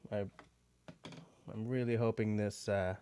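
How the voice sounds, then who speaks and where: A man's voice: lowish voice, steady tone, a little slow, warm tone, slight background noise. A man hosting a livestream, chatting casually and rambling with frequent filler words. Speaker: livestream host.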